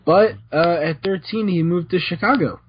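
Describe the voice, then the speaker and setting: A young man co-hosts a podcast in relaxed, casual chat. His voice sits a little high, and he fills his sentences with "like." The audio is dull and lo-fi, with faint noise behind it. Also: moderate pace. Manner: chatty, uses "like" often. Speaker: podcast co-host.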